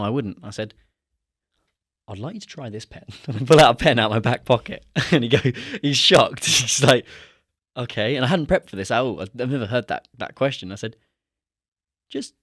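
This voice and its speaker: A young man telling a story in a casual chat, animated and acting out the dialogue he quotes. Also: mid-range voice, no room sound, clean studio sound. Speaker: podcast guest.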